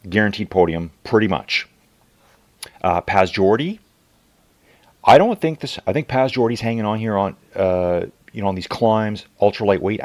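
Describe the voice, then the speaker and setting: A middle-aged man with a deep, low voice commentates a virtual bike race in a loose, chatty way. He rambles, leans on filler "uh"s, and keeps talking to his viewers. The sound is close and dry, with no room echo. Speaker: channel host and race commentator.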